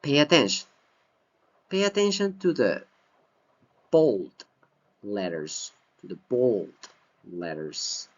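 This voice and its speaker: A man teaching an English grammar lesson from slides, speaking slowly and deliberately and repeating key phrases. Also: mid-range voice, huge pitch swings. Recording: dull lo-fi recording.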